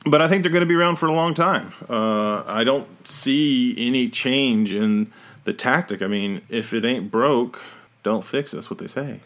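A man's voice: medium pitch, moderate pace, a bit bright. A man hosting a podcast in casual chat, rambling and often correcting himself mid-sentence. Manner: rambling, self-correcting, trails off. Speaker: podcast host.

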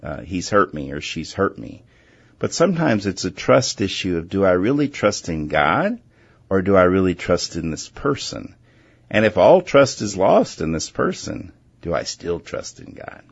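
A man hosting a Christian call-in radio show, talking earnestly and gently and often restarting his words. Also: deep voice, very animated, moderate pace, vocal fry, husky, dull audio. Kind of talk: faith-based call-in radio talk.

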